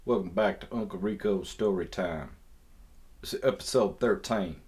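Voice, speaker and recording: A man's voice: low voice, moderate pace, a little mellow, lightly acted. A man who hosts a podcast, faking a Southern US accent as he rambles through a casual, self-mocking story. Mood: drawling. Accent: put-on Southern US. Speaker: podcast host.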